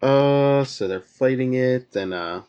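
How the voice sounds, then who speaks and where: A man hosting a podcast in a loose, rambling way, summarizing a comic issue with plenty of "uh" and "like". His voice sits at an ordinary middle pitch. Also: slow, darkish tone, clean tone, lo-fi sound. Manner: rambling retelling with many fillers. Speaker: podcast host. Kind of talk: casual comic book recap.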